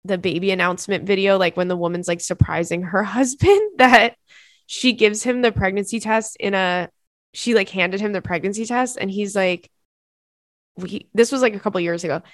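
A woman's voice: medium pitch, steady tone, normal speed, no echo. Chatty young woman with a dry close sound. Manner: chatty and emotional, many fillers. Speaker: podcast host. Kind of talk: casual chat, reading listener letters.

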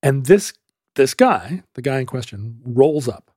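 A man's voice: medium pitch, unhurried, husky, no room sound, studio quality. A man hosting a casual talk show, telling a long story and acting out the voices of the people in it. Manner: animated storyteller who acts out quoted voices. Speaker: podcast host.

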